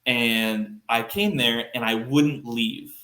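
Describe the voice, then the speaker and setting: Animated man telling a story in a roomy space. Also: mid-range voice, slow pace. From Texas, United States. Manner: animated, acts out quoted lines with fillers. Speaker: podcast guest. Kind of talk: casual storytelling. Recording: roomy echo.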